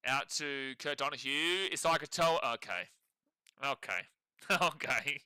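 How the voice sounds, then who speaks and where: Young Australian male streamer, wry sports chat, a bit high-pitched, dry close sound. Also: lively intonation, a little slow, bright, forceful tone, clean tone, dry recording. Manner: sarcastic, laughs often, reads chat aloud. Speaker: livestream co-host. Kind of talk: casual live sports watch-along commentary.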